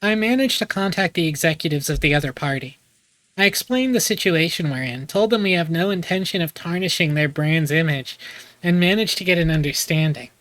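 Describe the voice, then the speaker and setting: A man reading the lines of a formal male lawyer giving a report by phone in a game, in a measured tone. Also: a little high, fairly bright tone, dry recording, lightly acted, poor audio. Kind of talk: reading game dialogue aloud.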